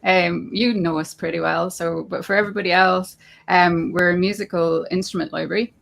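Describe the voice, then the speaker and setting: Gravelly woman, chatty guest. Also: fairly low pitch, fairly even intonation, normal speed, a bit bright, slight background noise. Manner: chatty, loose, with fillers. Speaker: charity representative. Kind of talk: casual radio interview.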